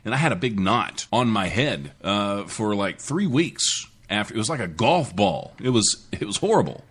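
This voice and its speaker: A man's voice: lowish voice, big pitch swings, normal speed, fairly bright tone, husky. A man telling a casual personal story in a clip played on the show.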